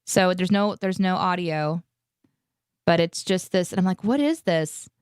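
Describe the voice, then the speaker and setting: A woman's voice: fairly low pitch, a little slow, smooth, no room sound, studio quality. A woman in her thirties co-hosting a live morning show, telling a story in casual, upbeat chat. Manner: chatty storytelling, upbeat, animated.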